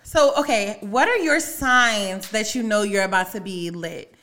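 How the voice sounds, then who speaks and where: A woman's voice: mid-range voice, a little slow, crowd noise. A young woman co-hosting a casual chat, teasing and laughing through playful banter.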